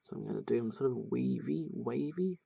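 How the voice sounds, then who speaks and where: A man's voice: mid-range voice, animated, brisk, vocal fry, breathy edge, highs cut off. A man narrating a drawing tutorial casually, thinking aloud with many fillers and restarts. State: has the hiccups.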